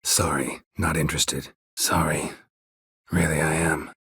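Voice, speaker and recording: An actor voicing a gruff, terse middle-aged male monster hunter in a video game, speaking in short, flat, clipped lines. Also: unhurried, dry recording, heavily acted. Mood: curt. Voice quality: very husky, low gravelly voice. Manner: clipped, flat, laconic delivery. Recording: dry studio booth.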